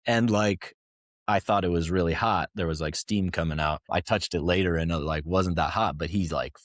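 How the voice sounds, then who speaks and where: A man's voice: low-pitched, normal speed, no echo, studio quality. A man talking candidly as a podcast guest, a touring family musician rambling through stories with many restarts. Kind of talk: casual podcast conversation.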